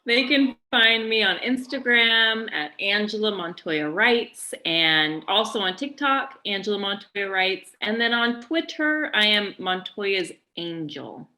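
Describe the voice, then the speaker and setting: A woman's voice: mid-range voice, animated, a little slow, hardly any pauses, sharp tone. A woman author talking casually on a podcast as co-host and guest, chatty and full of fillers. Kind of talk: casual chat.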